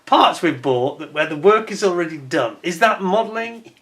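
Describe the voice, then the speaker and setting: Man, channel host, casual chat, self-deprecating, laughs a lot, slightly high voice. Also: animated, moderate pace, fairly bright tone. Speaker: scale-model channel host.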